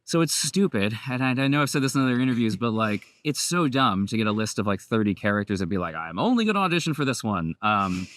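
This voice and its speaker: A man in his thirties talks casually as a guest, loose and rambling, with frequent laughs. His voice sits low and sounds dry and close. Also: fast talker, hardly any pauses, no echo. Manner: relaxed, rambling, laughs often. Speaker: voice actor guest. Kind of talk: casual interview chat.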